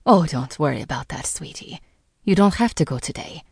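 A woman doing a meek, hushed mother. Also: low-pitched, expressive, normal speed, creaky, slightly rough, dry recording, clean studio sound, full character voice. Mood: tender hushed. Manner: gentle, hushed, half-whispered. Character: soft-spoken meek mother in her forties.

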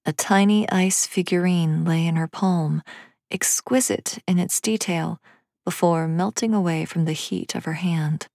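A woman narrating a storybook reading in a steady, measured way. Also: fairly low pitch, gravelly, no room sound, studio quality.

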